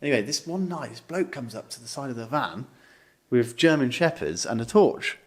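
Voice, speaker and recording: A man's voice: medium pitch, animated, normal speed. A young man, co-hosting a podcast and telling a story casually, swearing freely and rambling with many fillers. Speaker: podcast co-host.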